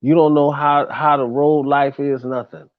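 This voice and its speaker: This tour story comes from a man whose voice is a little high and whose pace is ordinary, heard through phone-quality sound. He keeps it casual and energetic, full of cursing and slang, and breaks into shouts for some quoted lines.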